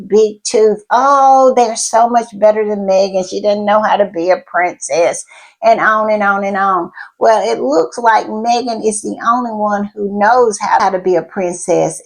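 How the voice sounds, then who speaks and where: Slow, emphatic woman commenting. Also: medium pitch, poor audio. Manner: emphatic, repeats words for stress; laughs between remarks. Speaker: royal news commentator. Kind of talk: casual opinion commentary.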